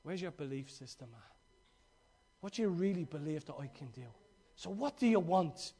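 A male preacher voicing Jesus as a calm teacher asking searching questions. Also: a little high, normal speed, pitched below the performer's own voice. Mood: probing.

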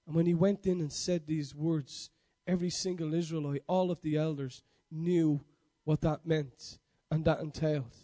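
A man with a notably high-pitched voice delivers a sermon. He stacks emphatic, repeated declarations one on another and catches and corrects his own slips as he goes. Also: fairly even intonation, normal speed, hardly any pauses, dark tone. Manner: emphatic, repetitive declarations with frequent self-corrections. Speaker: preacher.

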